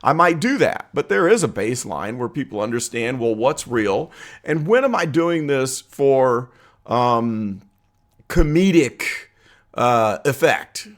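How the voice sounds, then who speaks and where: Lively-voiced man hosting a commentary channel. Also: mid-range voice, slow. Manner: chatty, laughs easily, asks viewers for opinions. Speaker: political commentary channel host. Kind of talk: casual commentary to camera.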